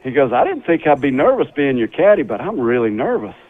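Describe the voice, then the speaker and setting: A man's voice: mid-range voice, fairly quick. Folksy middle-aged man telling a golf story. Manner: folksy, animated storyteller with laughter. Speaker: guest, former tour golfer. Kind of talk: storytelling on a radio talk show. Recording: slightly dull radio sound.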